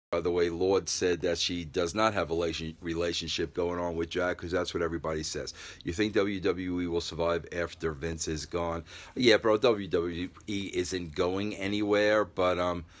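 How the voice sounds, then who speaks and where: Low-voiced man rambling on a live stream. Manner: loose, rambling talk with "bro" and many fillers; reads viewer comments aloud and replies. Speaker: livestream host. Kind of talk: casual live-stream chat. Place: at home, just out of the shower.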